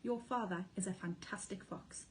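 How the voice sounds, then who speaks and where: A woman voicing a gentle, loving mother fox in a storybook reading, tender and pleading in tone. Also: mid-range voice, moderate pace, a little hiss or hum, lightly acted. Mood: proud.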